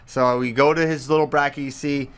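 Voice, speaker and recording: A man in his thirties co-hosting a casual podcast chat, telling animated stories and mimicking his son's voice. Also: mid-range voice, brisk. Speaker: podcast co-host.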